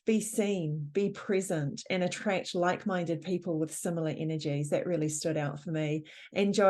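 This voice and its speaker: Low-voiced New woman moderating. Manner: warm, encouraging recaps of the discussion. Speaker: panel moderator. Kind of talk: moderating a conference panel. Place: conference room.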